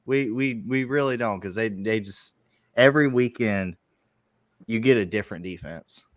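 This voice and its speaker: A young man co-hosting a sports podcast, giving measured predictions with some restarts. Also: fairly low pitch, no echo. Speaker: podcast co-host. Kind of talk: casual sports analysis.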